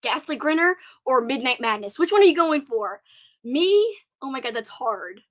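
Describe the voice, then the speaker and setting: Young woman streamer, high bright voice, chatty and excitable, reads comments out loud. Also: moderate pace. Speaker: live stream host. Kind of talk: casual live stream chat.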